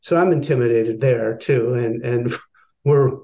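A man's voice: mid-range voice, a little slow. Man telling a personal story, dull lo-fi sound. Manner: personal, animated storytelling with filler words. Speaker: guest. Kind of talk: storytelling in an interview.

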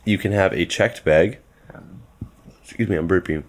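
Deep-voiced laid-back guy, joking around. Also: normal speed. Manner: laid-back, jokey, rambling with fillers. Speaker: podcast co-host. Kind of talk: casual chat.

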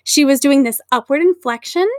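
A young woman with a Californian accent co-hosting a podcast, chatting excitedly with an upward inflection. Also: high-pitched, fairly quick, no room sound, clean studio sound. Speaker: podcast co-host. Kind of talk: casual chat.

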